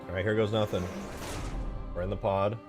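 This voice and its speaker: A man's voice: lowish voice, brisk, over music. A man giving casual, rambling commentary on his own gameplay, talking to himself as he goes. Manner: rambling, excitable self-talk. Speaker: game modder and streamer.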